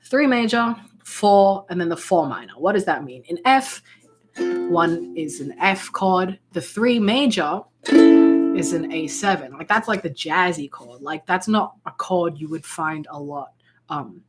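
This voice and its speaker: In this casual music tutorial, the ukulele tutor speaks at a measured pace in a fairly low voice with lively intonation, her words heard over the instrument she plays. She explains chords loosely, with frequent restarts and lots of fillers.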